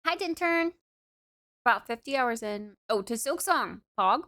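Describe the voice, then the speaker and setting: A woman streaming, chatting casually and reacting out loud, swearing freely. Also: fairly high pitch, expressive, unhurried. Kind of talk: casual live-stream chat. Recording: show audio and music behind.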